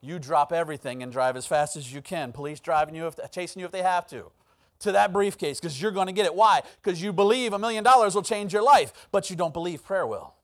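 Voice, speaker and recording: A man's voice: sits high, fairly quick, fairly bright tone. A man preaching a sermon as pastor, telling a personal story and acting out the voices in it. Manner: storytelling, acts out quoted voices.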